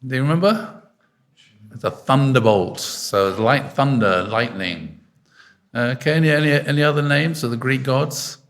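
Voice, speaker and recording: A man giving a relaxed sermon in a hall, speaking at an everyday pitch. He talks in a loose, conversational way, trails off into fillers and keeps turning to the congregation with questions. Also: normal speed. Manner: chatty, quizzes listeners with frequent fillers. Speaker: preacher. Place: arts centre hall.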